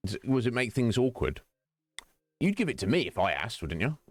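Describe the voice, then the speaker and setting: A man's voice: medium pitch, very animated, moderate pace, no echo. A male streamer chatting casually with viewers during a game stream, rambling and teasing, laughing often.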